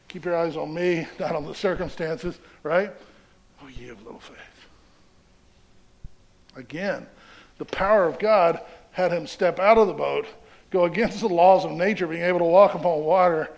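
High, gravelly-voiced man preaching. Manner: reads scripture aloud and explains it conversationally, often asking "right?". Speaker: pastor. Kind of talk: sermon.

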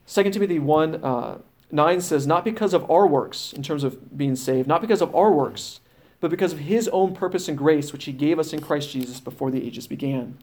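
A man's voice: fairly high pitch, normal speed, a little mellow. A man teaching a sermon, reading scripture passages aloud and explaining them firmly, with fillers and restarts. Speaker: preacher.

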